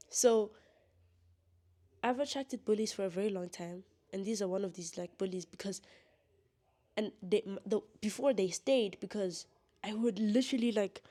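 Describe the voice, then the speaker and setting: A woman's voice: medium pitch, dark tone. A young woman talking straight to camera in a candid vlog monologue, blunt and defiant, laughing often. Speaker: vlogger.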